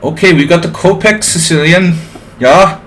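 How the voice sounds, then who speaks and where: A man's voice: on the high side, moderate pace, a bit bright, a little hiss or hum, lightly acted. A man voicing a goofy German blogger from the Black Forest, with a put-on German accent and a hammy, self-mocking delivery.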